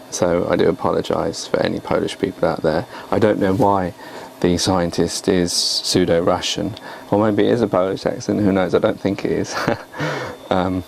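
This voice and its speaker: A man's voice: deep voice, vocal fry, a little hiss or hum, poor audio. A man talking casually on his video blog about his poems, in a rambling, hesitant, self-deprecating way. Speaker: poet and vlogger.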